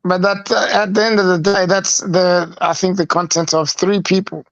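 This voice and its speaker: Laughing guy on a dull, dry remote mic, kinda high voice, teasing everyone. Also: level tone, moderate pace, no echo. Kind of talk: casual chat.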